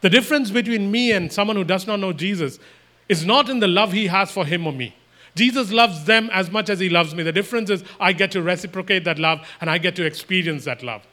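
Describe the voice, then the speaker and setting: A man's voice: high-pitched, fairly quick, pushed and bright. A man preaching a sermon, emphatic and repetitive, acting out imagined everyday exchanges.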